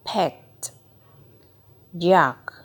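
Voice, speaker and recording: A woman slowly reading out a children's phonics book word by word, tutoring a child. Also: fairly low pitch, breathy edge. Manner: slow, deliberate word-by-word reading. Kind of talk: slow phonics read-aloud for a child.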